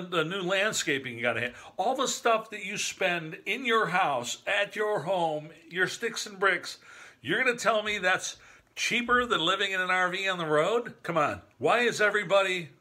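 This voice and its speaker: Talking loosely to the camera, this vlogger, a man in his sixties from northern Michigan, has a sharp, slightly high voice. His delivery is joking and rambling, and he laughs at his own jokes.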